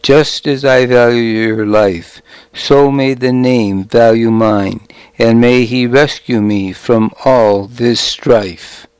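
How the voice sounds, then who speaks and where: A man voicing a commanding young male warrior leader who speaks loudly and harshly in a storybook reading. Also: medium pitch, fairly even intonation, slow, clear, resonant tone, no echo, natural voice, rough recording. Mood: aggrieved pleading. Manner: loud and harsh.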